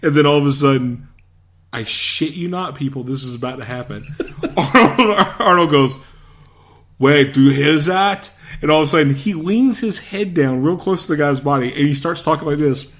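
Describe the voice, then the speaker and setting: Animated man retelling a movie scene. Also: on the high side, moderate pace. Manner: animated retelling, acting out scenes in big voices, laughing. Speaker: podcast co-host. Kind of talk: casual movie recap chat.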